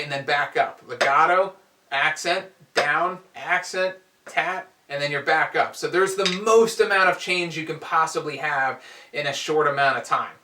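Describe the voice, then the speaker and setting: Man, drum teacher, relaxed explaining, counts out strokes, echoey distant sound, noisy background. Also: a little high. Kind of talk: instructional explanation. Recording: echoey room, heard from a distance.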